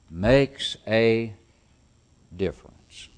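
A man's voice: lowish voice, expressive, slow, pauses often. A man preaching a sermon to a congregation, emphatic, repeating key phrases and asking rhetorical questions. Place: church service.

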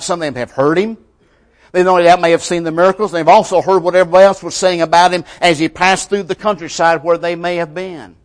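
Preacher man with dramatic loud-soft swings. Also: fairly high pitch. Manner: colloquial grammar. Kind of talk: sermon.

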